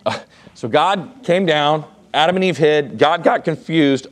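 A man's voice: fairly high pitch, lively intonation, measured pace. A man in his thirties teaching a Bible class in a casual, conversational way, with many rhetorical questions.

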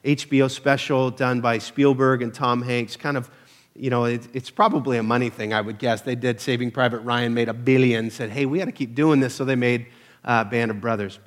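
A man's voice: mid-range voice, level tone, moderate pace. A man preaching a casual, conversational sermon to his church, peppered with "uh" fillers and self-deprecating humor. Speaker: pastor.

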